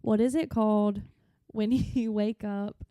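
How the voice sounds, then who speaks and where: A woman's voice: medium pitch, fairly even intonation, slow, warm tone, smooth, no echo, clean studio sound. A woman in her thirties with a light North Carolina accent, co-hosting a podcast in casual chat, rambling and laughing often. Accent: North Carolina Southern. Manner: giggly, rambling storyteller. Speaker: podcast co-host.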